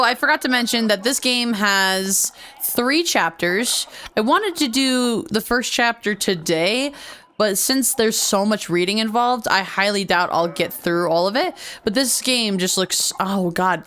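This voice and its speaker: A woman's voice: mid-range voice, fairly bright tone, smooth. A woman streaming a video game, reading its dialogue aloud and putting on voices, playful and giggly, sometimes tripping over hard words. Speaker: let's play streamer.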